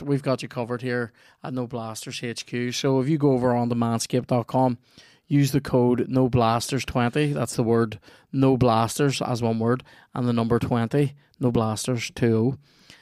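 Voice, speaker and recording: A man's voice: mid-range voice, clear, resonant tone, dry recording, clean studio sound. A young man from Northern Ireland hosting a podcast, joking and swearing his way through chat and a sponsor read. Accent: Northern Irish. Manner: sweary, joking, laughs often. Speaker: podcast host.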